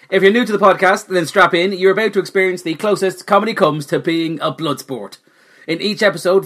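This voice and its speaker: A man's voice: on the high side, a bit bright. A man introducing his comedy podcast with wry, self-mocking humour. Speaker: podcast host. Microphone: new studio microphone.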